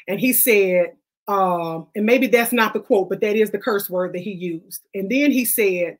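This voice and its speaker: A woman's voice: medium pitch, lively intonation, moderate pace. A woman hosting her own online show, speaking in a blunt, impassioned, preachy way about faith and helping others. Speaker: host. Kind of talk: casual faith-based monologue.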